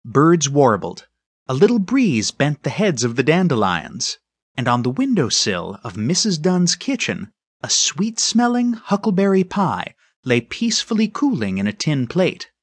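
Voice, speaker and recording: A man narrating a children's storybook in a husky voice. His pitch moves in a lively, storytelling way. The studio recording is close and dry. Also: measured pace, dry recording. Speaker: audiobook narrator. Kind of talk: scripted narration.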